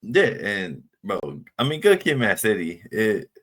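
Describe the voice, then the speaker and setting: Relaxed man with a low voice. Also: measured pace. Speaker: podcast co-host. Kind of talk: casual chat.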